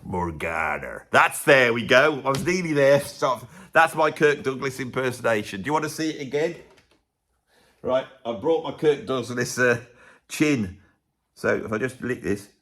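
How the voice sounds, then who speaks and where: A man, a music vlogger, ranting to camera in a casual, opinionated way, sarcastic and swinging between loud outbursts and muttered asides. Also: medium pitch, moderate pace.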